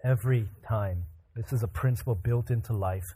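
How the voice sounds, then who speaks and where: A man preaching a sermon, animated, acting out the voices in the scripture with casual asides. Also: lowish voice, moderate pace, breathy edge.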